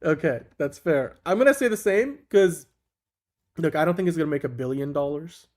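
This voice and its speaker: A man's voice: a little high, lively intonation, moderate pace. A man co-hosting a casual online talk show, upbeat and laughing often, with frequent restarts. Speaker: co-host. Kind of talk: casual chat.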